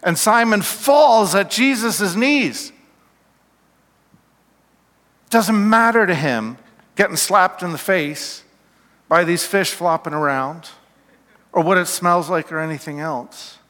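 A man preaching a sermon slowly and emphatically, his voice falling to a hush at key points, in a church. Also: high voice. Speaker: pastor. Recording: long reverb of a hall.

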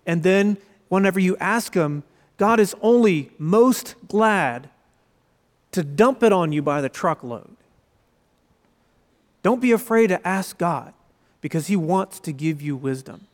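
A man's voice: high voice, expressive, a little slow, long pauses. A young man preaching a sermon as pastor, conversational and storytelling, with quoted asides. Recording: long reverb of a large hall.

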